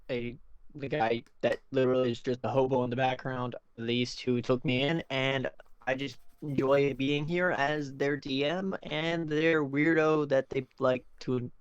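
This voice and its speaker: A man's voice: medium pitch, clear, resonant tone, no echo. A game master chats loosely with his players on a live stream, rambling and laughing between thoughts. His voice is a man's, sitting mid-range. It comes through a dry, slightly muffled home mic. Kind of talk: casual stream chat.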